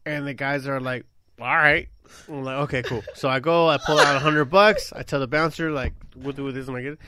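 A man in his thirties casually telling a swearing, animated story, acting out quotes. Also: medium pitch, fast, background noise. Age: 30s.

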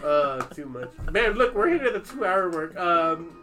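High lively guy hosting a podcast, laughing through crude stories, music in the background. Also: moderate pace. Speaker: podcast host. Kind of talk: casual chat.

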